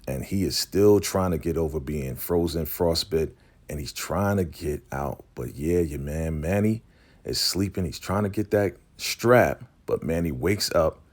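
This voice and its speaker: Low, husky-voiced man recapping a show. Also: measured pace. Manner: animated, acts out characters' lines. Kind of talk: casual TV episode recap.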